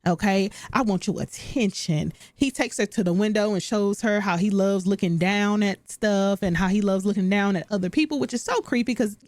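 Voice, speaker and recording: A woman's voice: mid-range voice, brisk, hardly any pauses, no room sound. Chatty woman recapping a sitcom. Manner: chatty, animated, talks straight to viewers. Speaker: recap host. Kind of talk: casual recap commentary.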